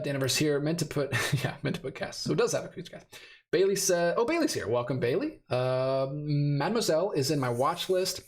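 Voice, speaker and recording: Man in his thirties, fairly high voice, live-stream host, rambling chat, slightly worn voice. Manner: rambling, self-correcting, laughs often. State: losing his voice. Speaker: host of a live stream about movie releases. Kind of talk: casual live-stream chat, reading comments.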